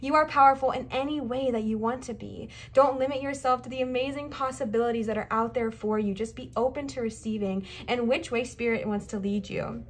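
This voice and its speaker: A young woman doing a casual tarot card reading, talking straight to her viewers. She sounds chatty and emphatic, repeats her encouragements and slips in little asides. Her voice sits fairly high. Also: fairly even intonation, brisk, hardly any pauses. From Southern United States.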